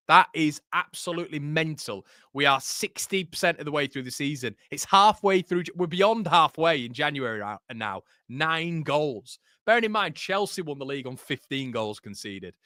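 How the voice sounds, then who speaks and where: A young man hosts a live football watchalong and talks casually while reading out viewers' comments, often repeating himself. His voice is bright and forward, and the sound is dry and close. He sounds tired after hours of streaming. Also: a little high, no echo. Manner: chatty, reads out viewer comments; repeats words and restarts. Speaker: football channel host. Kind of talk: live match watchalong chat.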